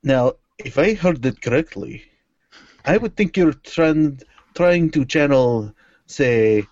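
A man on a casual podcast, speaking in a measured, wry way. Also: a little high, expressive, a little mellow, no echo, highs cut off. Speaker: podcast guest.

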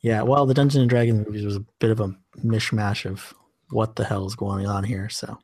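Husky man, blunt and sardonic. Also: lowish voice, fairly even intonation, a little fast, a little mellow. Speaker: podcast co-host and editor. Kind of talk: casual comedy podcast chat.

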